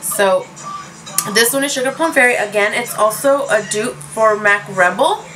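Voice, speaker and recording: A beauty vlogger with a voice on the high side reviews lipsticks at normal speed from her room at home, music playing behind her on poor audio. Her chat is casual, rambling and self-mocking, with Spanish words dropped in.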